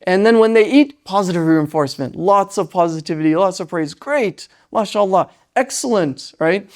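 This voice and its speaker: A lecturer giving an Islamic parenting lesson. They speak in a lively way, often tag lines with "right?", and briefly act out parents and children. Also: medium pitch, brisk. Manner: animated, tags lines with "right?"; acts out parents and children in quoted voices.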